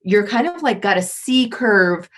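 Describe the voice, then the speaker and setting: A woman guest on a parenting podcast, talking in a lively way and acting out examples. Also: mid-range voice, measured pace. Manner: animated, acts out examples. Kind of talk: podcast conversation.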